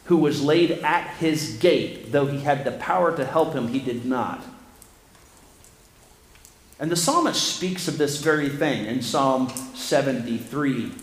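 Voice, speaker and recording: Male preacher, fairly high voice, impassioned sermon delivery that swells to near shouts, echoey room. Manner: impassioned, rising to near shouts on scripture readings.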